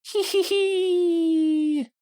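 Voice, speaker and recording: A man's voice: very high-pitched, animated, drawn-out words, vocal fry, bright, forceful tone, dry recording, voice pushed up, exaggerated voice. A man voicing a hyper cheerful pink pony girl by pinching his nose, so it comes out nasal and squealing. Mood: giddy. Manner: squealing, giggly.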